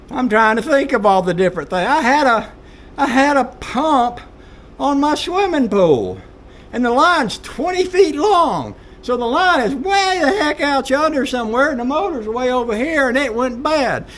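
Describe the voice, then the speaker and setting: A man's voice: high voice, a bit bright. A man ranting in a folksy, exasperated monologue straight to camera. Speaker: vlogger.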